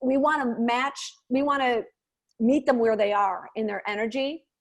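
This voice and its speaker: A woman giving coaching feedback over a video call, acting out example lines with lively swings. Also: a little high, moderate pace.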